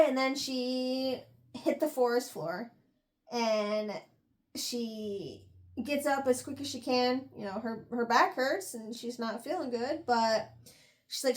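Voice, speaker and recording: Animated young woman recapping a book. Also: a little high. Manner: rambling, animated retelling with frequent "like" and laughs. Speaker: book review podcast host.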